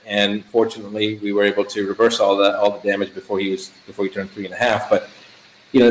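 Middle-aged male doctor guest, emphatic and animated, casual, roomy echo. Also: lowish voice. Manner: animated, emphatic, repeats words in lists. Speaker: physician guest. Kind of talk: casual chat.

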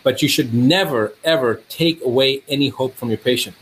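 A man's voice: normal speed, slight background noise. A man, a doctor, telling stories in conversation, acting out dialogue with a rising voice. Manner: animated, acts out dialogue with rising pitch. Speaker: doctor guest. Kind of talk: storytelling in conversation.

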